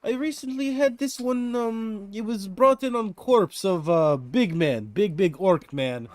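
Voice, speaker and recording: A man's voice: high voice, expressive, a little slow, darkish tone, dry recording, pitched above the performer's own voice. A man voicing a giant woman blacksmith with a thick Russian accent, an eager merchant who repeats herself.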